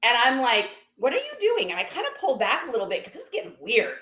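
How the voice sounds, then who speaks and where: A woman reseller tells her viewers a story, talking casually and acting out other people's lines. Her voice sits high and swings widely in pitch. The room around her sounds echoey. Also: very fast. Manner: animated, acts out other people's lines in quotes. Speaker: reseller sharing a garage sale haul.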